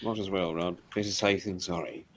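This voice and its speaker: A man's voice: low voice, steady tone, fairly quick, fairly bright tone, slight background noise. A man chatting casually during a game stream, playful and fond of hammy pirate talk.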